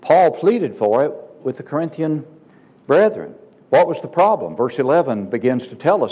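A man delivers a sermon in a church auditorium. He leans hard on key words, slowing down to stress them, and fires off rhetorical questions. His voice sits at a middle pitch. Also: big pitch swings, dark tone, big-room sound. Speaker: preacher.

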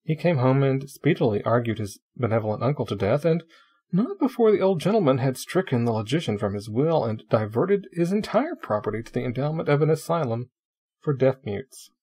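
A man reading a classic short story aloud with expressive, dramatic storytelling. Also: medium pitch, fairly quick, husky. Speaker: narrator.

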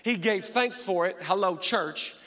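A man's voice: high voice, measured pace, big-room sound. A man preaching a sermon in a church, telling humorous stories and calling out to the congregation. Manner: lively, humorous storytelling with call-and-response to the crowd.

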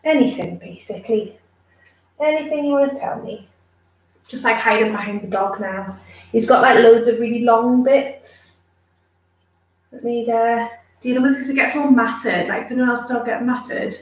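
A woman with a fairly high voice chats casually with her viewers at a moderate pace while grooming her dog, switching to cooing baby talk for the pup. She sits far back from the mic in a roomy space.

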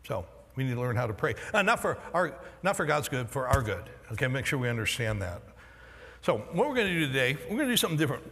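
A husky-voiced male pastor who is losing his voice, preaching with a bright, lively delivery that swings high and low. His sermon rings out with a long reverb through a large church hall. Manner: animated, jokey storytelling with quick voice swings.

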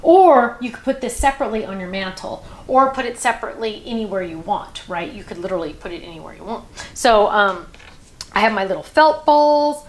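A woman's voice: medium pitch, animated, a little fast, echoey room, slight background noise. A woman hosting a crafting show, chatting casually and rambling through stories with plenty of fillers.

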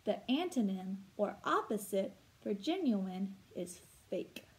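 A woman teacher explaining vocabulary words slowly and clearly, asking her listeners questions as she goes. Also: medium pitch, very animated, poor audio. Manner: slow, clear teacher talk with rhetorical questions. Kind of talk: read-aloud vocabulary lesson.

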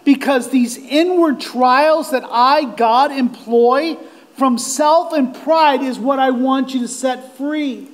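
A male pastor preaching a sermon, earnest and direct with his listeners, growing impassioned and nearly shouting at the peaks. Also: very high-pitched, takes it slowly. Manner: impassioned, rising to near-shouts on quoted cries.

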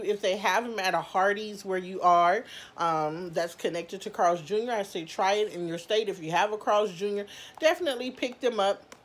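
A woman reviewing snacks in a casual, candid vlog, chatting straight to her viewers with mild cursing. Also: mid-range voice. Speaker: food review vlogger.

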